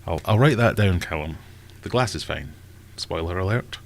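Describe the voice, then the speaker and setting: Deep-voiced Scottish man rambling on a live stream. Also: animated, moderate pace, creaky, slight background noise. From Scotland. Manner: rambling and self-mocking, thinks aloud. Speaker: aquarium channel host. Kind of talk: casual live-stream chat.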